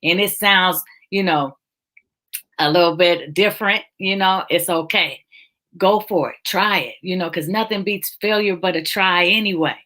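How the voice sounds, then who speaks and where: A woman's voice: fairly low pitch, normal speed, bright, forceful tone. A woman hosting a casual online talk about faith, emotional and encouraging, speaking over a video call. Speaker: host. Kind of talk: casual chat.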